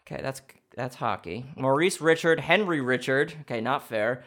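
A young man hosting a comedic quiz challenge, thinking out loud and swinging between excited shouts and low mutters. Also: normal speed. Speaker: quiz contestant and host.

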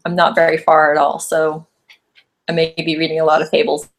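A young woman talking casually about comics on a podcast, quick and easygoing with fillers. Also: low voice, completely flat delivery.

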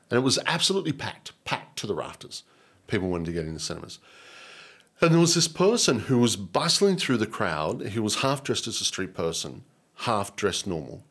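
A man with an Australian accent and a low, husky voice tells an emotional personal story as an interview guest. He talks in an earnest, animated way. He often repeats himself and restarts his sentences.

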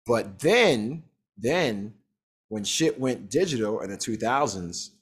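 A man's voice: medium pitch, very animated, slow, breathy edge. A man chatting casually, using loose slang and laughing often. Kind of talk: casual chat.

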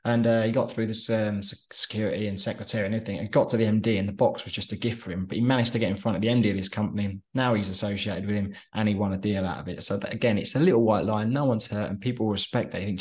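Brit guy rattling off stories quick, lowish voice, chatty interview over the phone. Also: fairly even intonation. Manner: chatty storyteller, drops into quick impressions of others. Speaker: interview guest, former soldier turned entrepreneur. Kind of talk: casual interview chat. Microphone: phone call.

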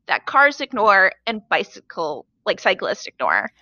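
A woman co-hosting a casual podcast chat, blunt and animated, swearing freely. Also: medium pitch, measured pace, no room sound, highs cut off. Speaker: podcast co-host. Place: foreigner living in Korea.

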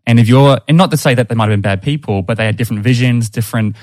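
A man's voice: mid-range voice, racing, a little mellow, no room sound. A man hosting a casual podcast conversation who jumps in eagerly to finish his guest's thoughts.

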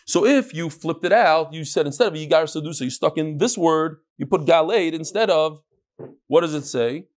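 A man teaching a Talmud class, asking and answering his own questions in an animated, rhetorical way. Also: fairly high pitch, moderate pace.

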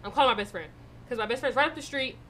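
A young woman co-hosting a podcast, telling a story in a casual way, animated and swearing freely. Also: high-pitched, racing, slight background noise. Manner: animated, swearing, loud in retold moments. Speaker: podcast co-host.

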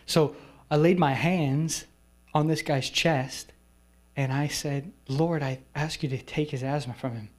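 Man, guest preacher, retreat sermon, personal testimony, slightly high voice, slow emphatic phrases. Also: fairly even intonation. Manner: acts out quoted people in whispers and raised voices.

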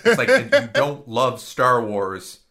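A man co-hosts a crude, casual comedy podcast, telling a story loaded with fillers while mocking himself and laughing through it. His mid-range voice has a sharp tone, huge pitch swings, and a slow pace.

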